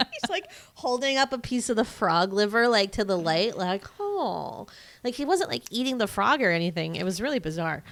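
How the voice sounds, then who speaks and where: A woman's voice: fairly quick, hardly any pauses. A woman co-hosting a podcast, chatting casually and acting out film lines in a jumped-up voice, with many fillers and laughs. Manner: animated storytelling, acts out movie lines in a high voice. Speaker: podcast co-host. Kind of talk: casual chat.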